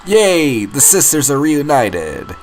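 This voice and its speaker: A man hosting a reaction video, making slow, wry remarks. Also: a little high, big pitch swings, a little mellow, soft background music. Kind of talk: reacting to a story.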